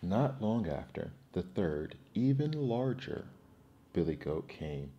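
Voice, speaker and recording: A man reading folktales aloud as a soft, soothing ASMR bedtime story. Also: sits low, animated, slow pace, lo-fi sound.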